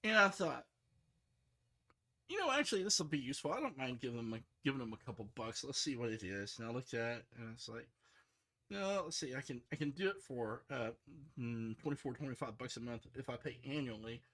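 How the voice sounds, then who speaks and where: A middle-aged man, a software developer, talking casually and rambling, frustrated, with many restarts and fillers. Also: mid-range voice, expressive, fast talker. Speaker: software developer streaming his work.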